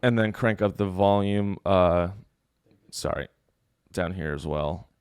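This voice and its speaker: A man's voice: sits low, takes it slowly, clear, resonant tone, no echo. A man hosting a podcast, in crude, joking casual chat that rambles and trails off into fillers. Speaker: podcast host.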